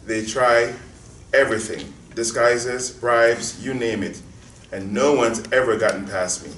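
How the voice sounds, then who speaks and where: A man reading a polite, firm security guard with a courteous, formal manner at a middle pitch. The voice sounds distant in a roomy space, with faint noise behind. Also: steady tone, a little slow, a bit bright, close to an everyday voice. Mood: confident.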